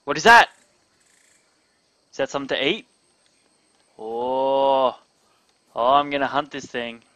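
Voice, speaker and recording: A young man giving live gameplay commentary, excitable, talking to his chat and yelping when startled. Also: mid-range voice, slow, no room sound. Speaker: gamer streaming live.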